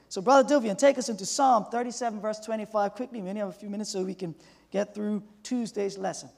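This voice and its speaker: A Sabbath School teacher leading a church Bible discussion, urgent, calling on others and bursting into shouted emphasis. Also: medium pitch, fast, vocal fry. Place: church sanctuary. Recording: long church-hall reverb.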